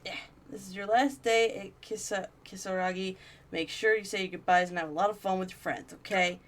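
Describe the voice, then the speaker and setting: A woman's voice: mid-range voice, steady tone, brisk, a bit bright, natural voice. A woman voicing a worried middle-aged mother who fusses over her daughter and complains about her husband. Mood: fussing.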